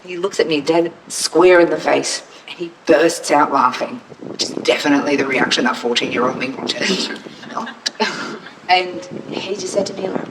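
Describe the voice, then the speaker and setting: A woman's voice: sits low, normal speed. A woman telling a heartfelt, reflective personal story at a camp gathering, describing her land in vivid detail before singing. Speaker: storyteller and singer. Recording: distant mic with faint background noise.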